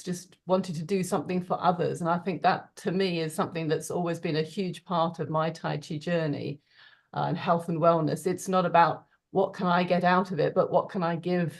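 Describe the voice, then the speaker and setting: A woman with a slightly low voice speaks over a video call. She is warm and earnest and often pauses to search for words. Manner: warm, earnest, hesitant with fillers. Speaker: participant. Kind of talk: heartfelt spoken thanks on a video call.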